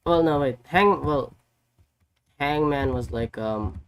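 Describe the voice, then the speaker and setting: A man streaming casually, recapping a story in an excitable, rambling way full of "like" and "you know". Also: fairly high pitch, measured pace, clear, resonant tone. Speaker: vtuber streamer. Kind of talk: casual chat.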